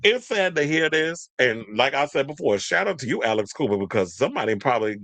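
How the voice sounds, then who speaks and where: A man's voice: mid-range voice, big pitch swings, fairly quick, creaky, fairly bright tone, no echo. Blunt, profane male commentator. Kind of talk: casual commentary.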